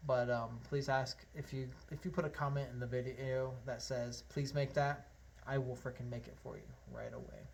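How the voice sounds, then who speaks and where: A man's voice: medium pitch, expressive, normal speed, creaky, slight background noise. A man teaching a harmonica lesson, explaining step by step in a friendly way and counting beats aloud. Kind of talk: online music lesson.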